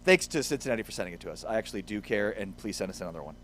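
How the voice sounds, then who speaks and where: A man's voice: lowish voice, expressive, very fast, fairly bright tone, slight background noise. A man hosting a sports radio show in a studio, bantering playfully and reading sponsor messages. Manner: playful, jokey banter with reads of sponsor spots. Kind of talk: casual sports radio chat.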